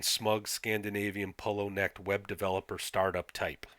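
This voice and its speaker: A male game master narrates a tabletop session in a low voice with a bright, forceful tone. He often hesitates and fills gaps with "um" and "uh." The recording is close and dry. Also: flat delivery, a little fast, hardly any pauses, no room sound. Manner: hesitant, many fillers, reads aloud.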